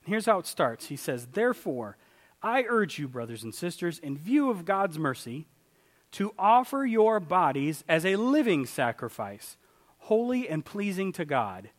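Man in a church sanctuary, preaching with lively pitch, big swings between loud and quiet. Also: unhurried, big-room sound. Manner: animated, swings from loud exclamations to quiet asides. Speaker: pastor. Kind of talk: sermon.

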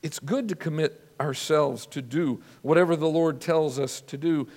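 A man preaching a sermon as a pastor, earnest and measured, telling stories with drama. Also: fairly high pitch, long reverb tail.

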